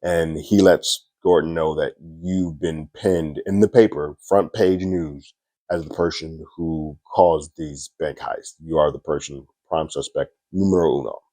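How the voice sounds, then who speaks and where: Man, very deep voice, casual TV episode recap, conversational, acts out lines, dry close recording. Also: fairly even intonation, unhurried, warm tone, dry recording. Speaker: TV series reviewer.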